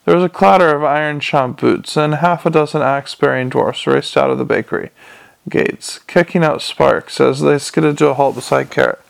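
Gravelly male audiobook narrator. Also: a little high, fairly even intonation, normal speed.

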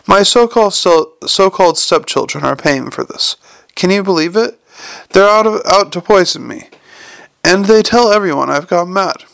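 A sharp, imperious old lady, put on by a male audiobook narrator, pitched well up from his own voice, with a gravelly edge. She talks in a dry, cynical and snappish way. The room sounds dry and close. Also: animated, moderate pace, no echo, exaggerated voice. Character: sharp-tongued wealthy old woman bank owner.

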